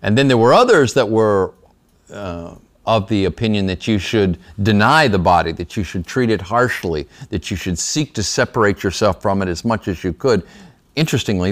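Man, Bible teacher, slightly low voice, slight lisp, conversational lecture, small classroom. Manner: conversational, checks in with "right?".

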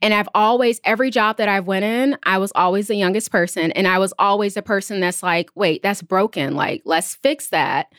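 A woman in her thirties, a business founder, telling her story in an interview, lively and quick to lift her voice when quoting others. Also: dry recording, studio quality. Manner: animated, jumps up in pitch when quoting others. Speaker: entrepreneur guest.

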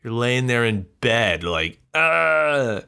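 A man's voice: lowish voice, slow, a bit bright. A man hosting a solo podcast, talking in a bitter, rambling, self-mocking rant with swearing. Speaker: podcast host.

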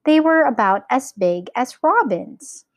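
A woman teacher reading a children's story aloud, in slow, clear storytelling with lively character voices. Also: high-pitched, no room sound. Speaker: English teacher.

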